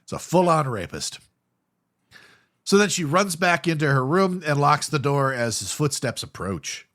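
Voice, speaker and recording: A man co-hosting a podcast, recapping a horror film in casual chat, swearing freely and laughing often. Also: a little high. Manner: animated, swears freely, laughs often, acts out film characters in quick asides. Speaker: podcast co-host.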